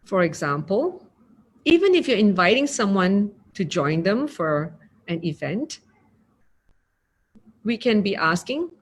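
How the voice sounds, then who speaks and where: A woman with a Singaporean accent giving a gentle mindfulness talk, acting out example phrasings. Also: mid-range voice, sing-song, slow, long pauses. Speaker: meditation teacher.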